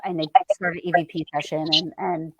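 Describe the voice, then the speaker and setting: A woman guest telling a story in an animated, excitable way, restarting lines and swearing freely. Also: low-pitched, moderate pace, husky, no room sound.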